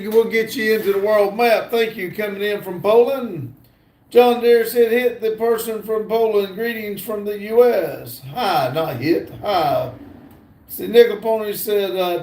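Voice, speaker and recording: A man's voice: sits high, a little mellow, reverberant. A middle-aged man with a Southern US accent hosts a live stream outdoors on a phone. He reads viewer comments aloud in an easygoing way, with many "uh" fillers. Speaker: livestream host. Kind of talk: casual live stream, reading chat aloud.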